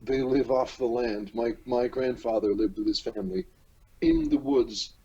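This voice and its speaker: Halting, rambling man from newfoundland. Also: mid-range voice, very animated, gravelly, warm tone, breathy edge, highs cut off. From Newfoundland and Labrador, Canada. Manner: rambling, halting, many restarts. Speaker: podcast host. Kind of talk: casual chat.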